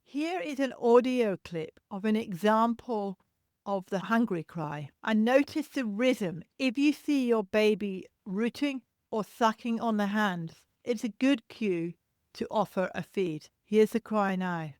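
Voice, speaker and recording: A woman hosting a solo parenting podcast, explaining baby cries in a gentle, reassuring teaching tone and imitating the cries to show them. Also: medium pitch, lively intonation, a little slow, no room sound, studio quality. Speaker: podcast host and childcare educator.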